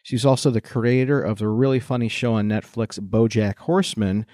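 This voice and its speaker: A man's voice: lowish voice, normal speed, mellow, dry recording, clean studio sound. A man hosting a podcast, reading an enthusiastic, admiring introduction of his guest. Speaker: podcast host.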